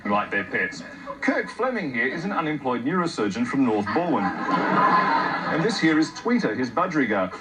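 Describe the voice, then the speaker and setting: Mock-serious comedy host. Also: male voice, medium pitch, very animated, normal speed, over loud music, low-quality recording. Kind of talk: sketch comedy presenting.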